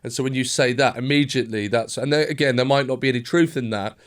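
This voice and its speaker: A man's voice: mid-range voice, fast. Hesitant, rambling male podcast host. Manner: hesitant, rambling questions with many restarts. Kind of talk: casual interview chat.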